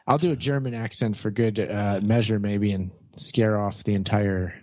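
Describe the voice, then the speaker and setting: An easygoing male sidekick with a somewhat low voice who readily agrees with his host. His sound is dry and a little dull, like a lo-fi internet show. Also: steady tone, darkish tone, no room sound. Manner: easygoing, agreeable, quick replies. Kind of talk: casual chat. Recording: dull lo-fi audio.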